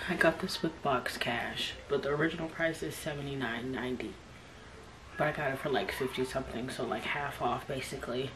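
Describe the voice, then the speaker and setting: A woman's voice: deep voice, background noise. A woman gushing over a new bag during an unboxing vlog, often dropping into a whisper, recorded in a room at home. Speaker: unboxing vlogger. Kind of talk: excited unboxing chat. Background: kids playing outside.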